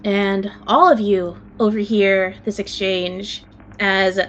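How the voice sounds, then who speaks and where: A woman's voice: medium pitch, little pitch movement, slow, lo-fi sound, slight background noise. A woman narrating as game master of a tabletop game in a casual way, swearing freely as she sets scenes.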